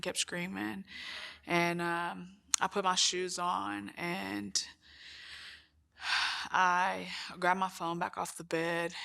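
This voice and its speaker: Slow, flat-voiced woman telling her story. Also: on the low side, creaky. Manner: halting, with frequent restarts. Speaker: sister of the deceased. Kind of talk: documentary interview testimony.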